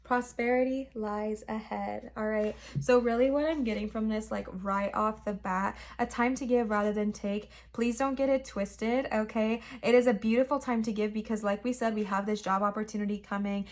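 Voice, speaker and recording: A woman's voice: mid-range voice, darkish tone. A young woman giving a casual tarot reading to camera. She talks in an emphatic, reassuring, slangy way and addresses viewers as friends. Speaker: tarot reader.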